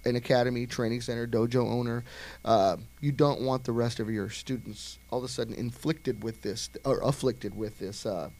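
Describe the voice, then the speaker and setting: A man hosting a casual talk show, relaxed and affirming toward his guest. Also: medium pitch, moderate pace, creaky. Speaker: host. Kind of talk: casual chat.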